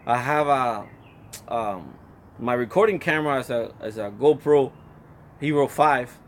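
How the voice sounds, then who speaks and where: A man's voice: mid-range voice, expressive, measured pace, slight background noise. A middle-aged man hosting a casual live stream from his phone, rambling and reading out viewer comments. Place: Florida.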